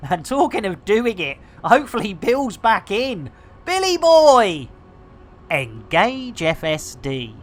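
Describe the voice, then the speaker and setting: A man's voice: high voice, sing-song, a little slow, hardly any pauses, fairly bright tone. A British man streaming a game and rambling through jokey, innuendo-heavy commentary. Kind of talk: comedic live gameplay commentary.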